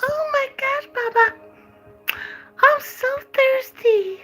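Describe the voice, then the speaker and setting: A woman puts on a coy young damsel who begs sweetly and plays helpless. The voice sits much higher than her own and turns breathy and girlish. It pleads rather than asks. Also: takes it slowly, pushed and bright, faint music behind, exaggerated voice.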